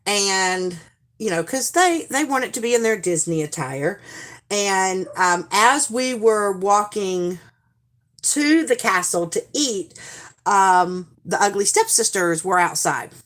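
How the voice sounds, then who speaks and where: A woman chats at an unhurried, drawn-out pace, her pitch sitting in a middle register. She rambles through stories with plenty of fillers and often mimics other people's voices mid-telling. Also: animated, a bit bright. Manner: rambling, chatty, full of fillers. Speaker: live-stream host. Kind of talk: casual chat.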